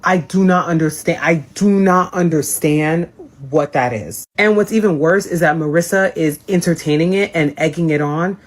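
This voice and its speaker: A woman's voice: on the low side, moderate pace. A woman hosting a casual live recap chat, sassy and exasperated. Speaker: host.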